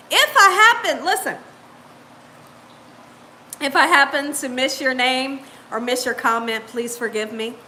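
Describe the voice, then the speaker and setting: A woman with a high, pushed, bright voice hosts a live cooking stream over a little hiss or hum. Upbeat and chatty, she greets viewers by name and laughs a lot.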